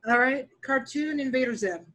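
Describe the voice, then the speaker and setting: Female podcast guest; slightly high-pitched, candid and wry, easy casual delivery. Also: pushed and bright, rough recording. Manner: candid, dry, chuckling. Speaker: podcast guest, dungeon master. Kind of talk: casual interview chat.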